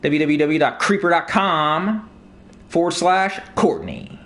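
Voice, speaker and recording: A man's voice: fairly high pitch, expressive, slow pace, noisy background. A man ranting to his viewers in casual, profane talk, telling stories with mocking impressions. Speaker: streamer. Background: video game music.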